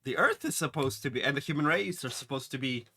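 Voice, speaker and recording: A man's voice: mid-range voice, animated, quick pace, sharp tone, breathy edge. A man casually recapping a TV episode, rambling with many fillers and restarts. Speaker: TV episode reviewer.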